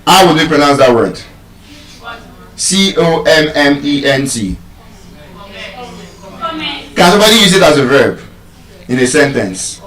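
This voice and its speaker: Recorded from a distance in an echoey hall, a man with a slightly high, expressive, somewhat bright voice teaches English pronunciation to a crowd. He speaks a little slowly with frequent pauses, spelling words out and teasingly quizzing listeners.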